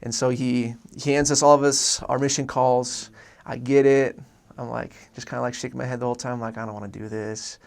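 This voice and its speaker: A man's voice: medium pitch, level tone, brisk, vocal fry. A young man from Oregon telling his personal faith story in a casual, earnest way, rambling with many restarts and fillers. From Oregon, USA. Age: young adult.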